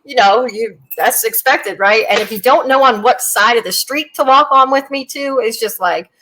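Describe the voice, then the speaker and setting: A woman with a fairly high voice chats on a podcast in a blunt, animated way. She is a military veteran, and her stories are full of Southern slang. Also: moderate pace, slight background noise, poor audio. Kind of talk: casual podcast chat.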